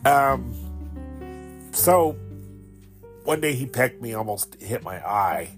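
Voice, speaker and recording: A man's voice: mid-range voice, animated, takes it slowly, faint music behind. A man in his fifties, a podcast host, telling rambling, sentimental stories about a childhood pet. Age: 50s. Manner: rambling, sentimental, with fillers and laughs. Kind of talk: casual storytelling monologue.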